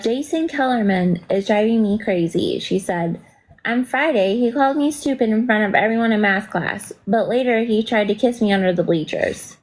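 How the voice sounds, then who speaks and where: A woman's voice: medium pitch, moderate pace, poor audio. Woman reading a novel aloud. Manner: reads steadily, spells words, brief asides.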